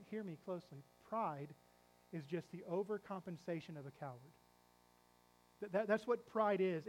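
A middle-aged male pastor preaching a sermon, telling a story dramatically, quizzing the congregation and dropping to a hush for emphasis. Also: high voice, rough recording. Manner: dramatic storytelling, asks the congregation questions, swings from loud to hushed.

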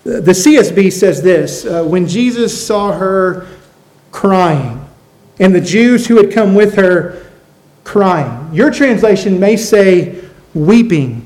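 A man's voice: high-pitched, expressive, slow pace, darkish tone, poor audio. A man preaching a sermon as pastor, earnest, repeating phrases and asking the congregation questions.

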